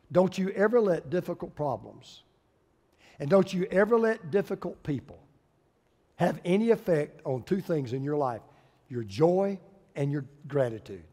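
A male pastor, preaching a sermon with folksy humor and lively storytelling. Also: on the high side, big-room sound.

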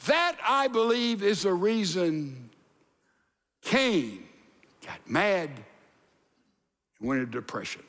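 An older man, a pastor, preaching an animated sermon in a church and acting out voices, with hushed asides. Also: sits high, takes it slowly, long pauses. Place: church sanctuary. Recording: long hall reverb.

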